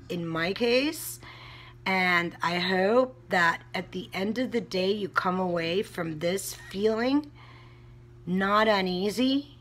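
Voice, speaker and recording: A woman vlogger ranting bluntly into the camera, heated and cursing often. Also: on the low side. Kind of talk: casual vlog rant.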